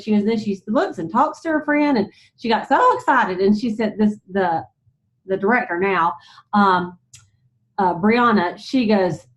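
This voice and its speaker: A woman leading a motivational sales team talk, chatty and animated, retelling stories with lots of "you know"s. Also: medium pitch. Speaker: sales director speaking to her team. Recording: slightly dull lo-fi sound.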